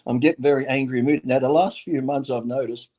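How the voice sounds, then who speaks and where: Australian man, 50s, rambling swearing storyteller, mid-pitched voice. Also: fairly even intonation, brisk, dark tone. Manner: rambling, swears, laughs through anecdotes. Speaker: bodybuilder guest on a talk show. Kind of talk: casual storytelling.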